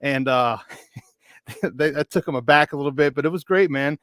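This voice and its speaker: A man in his fifties, a podcast guest telling a story in a chatty, animated way. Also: on the high side, moderate pace, dry recording. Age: 50s. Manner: chatty, animated, with many restarts. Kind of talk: casual storytelling.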